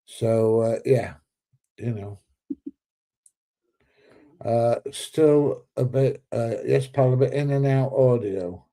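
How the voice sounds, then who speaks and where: Hosting a casual livestream, a man chats loosely and reads viewer comments aloud while recovering from illness, leaving him slightly short of breath. His voice is mellow and medium-pitched, moving slowly with long pauses.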